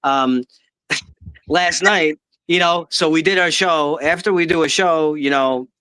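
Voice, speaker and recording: A man on a livestream panel, rambling and excitable as he retells a story. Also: a little high, takes it slowly, clean tone, no room sound, low-quality recording. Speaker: panel guest. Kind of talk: casual livestream chat.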